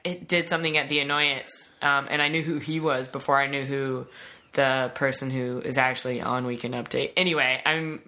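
A woman hosting a podcast, chatting casually and telling animated stories, mimicking voices as she goes. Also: rumbling low, normal speed. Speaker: podcast host. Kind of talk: casual chat.

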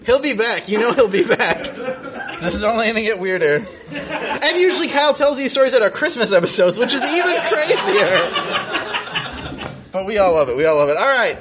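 A man's voice: high voice, sing-song, normal speed, a crowd in the background. A man hosting a live storytelling show, loose and chatty, laughing between his remarks. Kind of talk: casual stage hosting. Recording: noisy live room with audience.

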